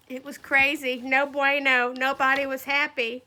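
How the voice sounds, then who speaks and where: A school coach, a woman, reading a picture book aloud to young children, animated and calling on them by name. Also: high voice, normal speed, few pauses. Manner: animated, calls children by name, playful asides.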